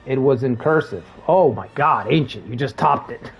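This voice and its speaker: A man's voice: medium pitch, lively intonation, moderate pace, dull audio, slight background noise. A man chatting casually while streaming a game, telling work stories, laughing and swearing freely. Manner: laid-back, swears freely, laughs at jokes. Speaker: gaming streamer. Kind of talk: casual gameplay commentary with storytelling.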